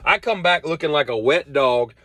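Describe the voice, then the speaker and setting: A man's voice: on the high side, lively intonation, normal speed, pushed and bright, dry recording. A man, hosting a rambling solo monologue and telling off-the-cuff stories that wander. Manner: meandering, off-the-cuff storytelling. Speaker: host.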